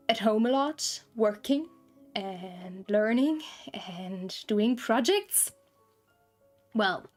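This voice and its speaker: Young woman game streamer, high voice, slow easy pace, giggly rambling chatter, faint game music behind. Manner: rambling, giggly and self-conscious. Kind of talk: casual stream chat. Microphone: desktop streaming mic, no camera.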